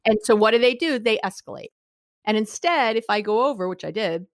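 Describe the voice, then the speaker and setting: A middle-aged woman giving advice in a lively conversational way, acting out what people say with big swings in her voice. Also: on the high side, a little fast, no room sound, studio quality. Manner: expressive, acts out quoted voices with big swings. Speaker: guest expert.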